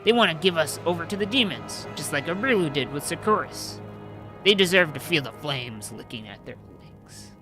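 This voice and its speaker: A man's voice: mid-range voice, expressive, normal speed, music in the background, lightly acted. A man voicing a ruthless, fanatical male crusader who is secretly a traitor, bellowing and gloating as he reads the game's lines aloud. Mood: zealous.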